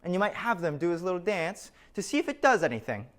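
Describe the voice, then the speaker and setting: A man narrates a scripted lecture and leans on stories to make his points. His voice sits a little high and moves around a lot, and he drops in wry asides. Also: very animated, fast, a bit bright.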